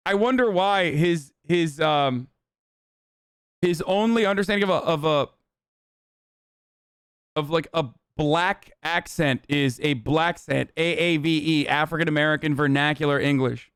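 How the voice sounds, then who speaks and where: A male streamer giving casual reaction commentary with a fairly high, smooth, resonant voice. He talks in an animated way, swears freely and laughs often. The sound is dry and close. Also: measured pace, dry recording. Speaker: streamer host.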